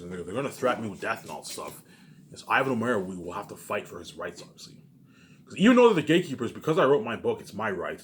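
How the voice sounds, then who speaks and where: A man with a fairly low voice rushes through a rambling vlog monologue, circling back to the same points again and again. His talk is loose and profane, and a faint ambient hum sits behind him. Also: a bit bright. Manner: rambling and repetitive, with frequent swearing. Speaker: vlogger. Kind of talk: casual rambling monologue to camera.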